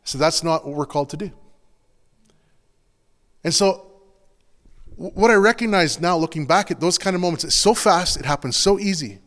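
A man's voice: a little high, animated, moderate pace, pauses often, fairly bright tone. Earnest man preaching in a reverberant hall. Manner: earnest, confessional, conversational with many "like"s. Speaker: pastor. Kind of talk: sermon.

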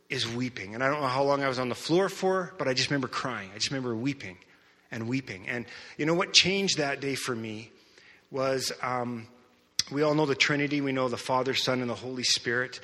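Preacher guy telling his story, bright forceful voice, big echoey church sound. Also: medium pitch. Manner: storytelling, animated, acts out his own reactions. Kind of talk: sermon testimony. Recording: long hall reverb.

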